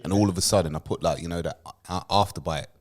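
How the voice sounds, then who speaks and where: A young adult man co-hosting a podcast, rambling through stories in animated casual banter. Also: sits low, fast talker. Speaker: podcast co-host.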